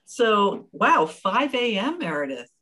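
A woman's voice: mid-range voice, big pitch swings, slow pace, a bit bright, low-quality recording. Upbeat woman hosting an online event. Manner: casual and upbeat. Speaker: event host. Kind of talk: hosting a virtual awards event.

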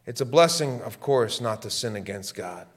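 A middle-aged man preaching a sermon as pastor, repeating his lines and swinging between loud, fervent peaks and hushed, quiet passages. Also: medium pitch, expressive, moderate pace.

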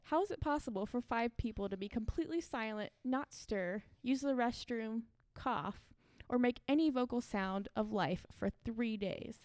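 A woman's voice: on the high side, normal speed, hardly any pauses, darkish tone, no echo. A woman co-hosting a casual podcast, reading a creepy story aloud with fillers and frequent laughs.

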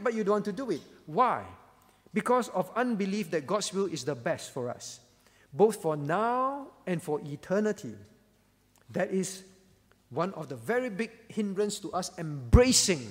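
A man's voice: high-pitched, in a large hall. A male pastor preaching a sermon, emphatic and repeating key phrases for weight.

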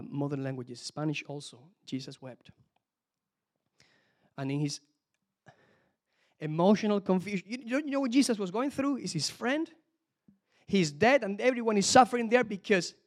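A man preaching a sermon, telling the story with lively asides that swing from hushed to loud and emphatic. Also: high-pitched. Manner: lively, talks to the congregation directly with frequent asides.

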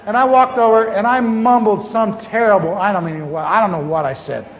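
A man's voice: high voice, brisk, slight background noise. A man preaching a sermon as a pastor, telling stories with self-mocking humor. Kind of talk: storytelling sermon. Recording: dull lo-fi recording with long hall reverb.

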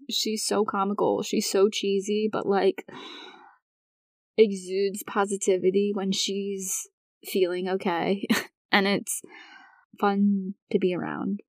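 A young woman hosting her podcast in a relaxed personal monologue. Her voice sits mid-range, recorded dry and close. She rambles chattily with frequent laughs and fillers. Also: medium pitch, unhurried, no echo. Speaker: podcast host.

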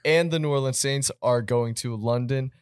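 A young man hosting a casual sports podcast, upbeat and quick to laugh. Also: medium pitch, smooth, dry recording, clean studio sound. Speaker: podcast host.

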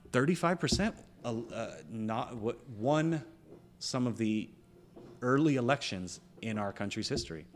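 A man's voice: on the low side, a little hiss or hum. A man co-hosting a casual podcast chat, ranting heatedly and swearing freely as he argues his opinions. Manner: parent of a school-age child. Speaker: podcast co-host.

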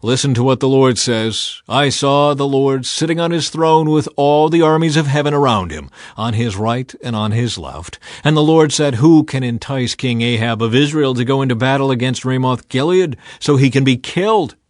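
A man's voice: mid-range voice, moderate pace, few pauses, no room sound, studio quality, voice pushed up, close to an everyday voice. A man reading aloud and voicing a stern prophet who speaks in a solemn, declaiming way. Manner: solemn and declaiming, sometimes sarcastic. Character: stern older male prophet who defies the king.

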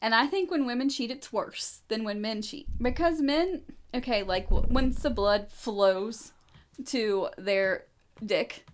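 A woman's voice: a little high, slow pace. A woman speaking bluntly and frankly as a guest on a casual podcast, often laughing.

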